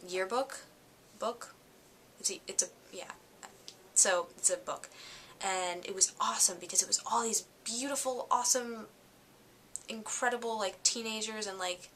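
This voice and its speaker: A tired young woman recapping her week in a chatty, excitable vlog, full of fillers. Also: medium pitch, slight background noise. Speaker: fashion vlogger.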